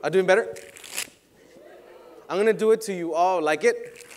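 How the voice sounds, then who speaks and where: A man performing card tricks for an outdoor crowd, joking and teasing volunteers, now and then shouting to hype them up. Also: high voice, normal speed, a little hiss or hum. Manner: playful, teasing, bursts into loud hype. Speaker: street magician.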